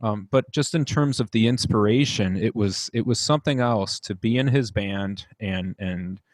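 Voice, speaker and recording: Low-pitched man, Midwestern accent, dry close sound, earnest, halting, interview storytelling. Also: no echo. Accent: Midwestern American. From United States. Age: young adult. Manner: earnest, halting, with many restarts and fillers. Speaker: band director guest.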